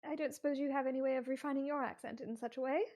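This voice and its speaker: A woman's voice: sits high, fairly even intonation, very fast, darkish tone, voice pushed up, close to an everyday voice. A woman voicing a poised, condescending upper-class noblewoman who talks with refined, formal politeness.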